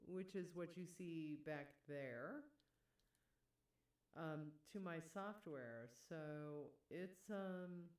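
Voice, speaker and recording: A woman's voice: low voice, very slow, darkish tone. A woman streamer chatting casually about her music setup, rambling, trailing off and laughing often. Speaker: livestreamer making music. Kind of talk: casual livestream chat. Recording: roomy, distant mic, faint music behind.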